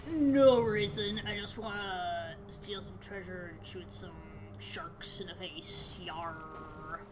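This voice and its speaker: A woman voicing a lazy, thieving male sea captain who drawls slowly and growls pirate-style. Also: fairly low pitch, very noisy, voice pushed down. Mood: sly, evasive. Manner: slow, drawling, growly "yar".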